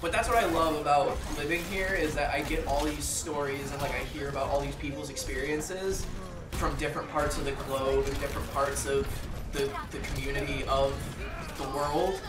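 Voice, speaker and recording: A man's voice: fairly high pitch, steady tone, normal speed. A man hosting a gaming channel, chatting casually while he plays and rambling with lots of fillers and restarts. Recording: roomy echo, distant mic.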